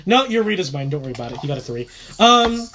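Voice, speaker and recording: A man's voice: sits high, very animated, quick pace, sharp tone, a little hiss or hum. A man running a tabletop game as game master, talking hesitantly with lots of fillers and laughs. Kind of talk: narrating a tabletop game, casual.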